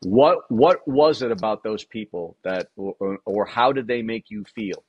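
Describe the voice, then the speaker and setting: A man's voice: on the low side, measured pace, slightly rough, no room sound. A man hosting a podcast, asking earnest, probing questions that start and restart. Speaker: podcast host. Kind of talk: interview questions. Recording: dull, muffled, dry audio.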